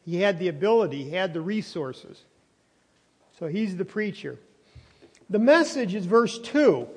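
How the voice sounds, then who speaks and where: A pastor with a high voice preaches unhurriedly but very animatedly in a church sanctuary, chewing gum as he goes. His conversational sermon is full of restarts and rising emphasis. The lapel mic isn't on him, leaving a long hall reverb on the recording.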